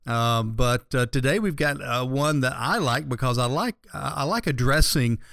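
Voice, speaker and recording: A financial advisor hosting a radio talk show chats in a relaxed way, rambling and circling back with fillers and restarts. His voice is smooth and clear, medium in pitch and moderate in pace, and the recording is close and dry with no room sound.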